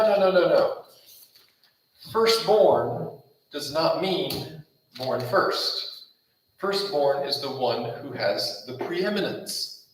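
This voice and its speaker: A man's voice: mid-range voice, a bit bright. A man preaching a Bible study sermon, emphatic and repetitive, asking the listeners rhetorical questions. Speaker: pastor. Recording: roomy echo, mic far off, faint noise.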